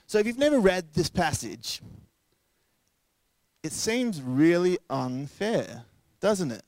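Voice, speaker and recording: A man's voice: high-pitched, very animated, takes it slowly, darkish tone, dry recording. A young man preaching a sermon in a casual, joking way, acting out quoted voices along the way. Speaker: pastor.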